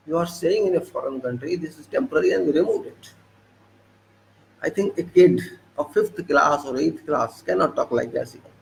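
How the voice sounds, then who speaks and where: Indignant Indian man, higher voice. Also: normal speed, creaky, slight background noise, low-quality recording. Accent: Indian English. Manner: indignant, rhetorical questions, repetitive. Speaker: political commentator. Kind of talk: monologue commentary.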